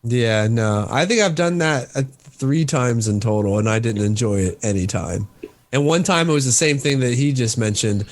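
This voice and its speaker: A man's voice: mid-range voice, moderate pace. A man in his thirties hosting a podcast, talking bluntly in casual chat, swearing and laughing often. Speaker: podcast host.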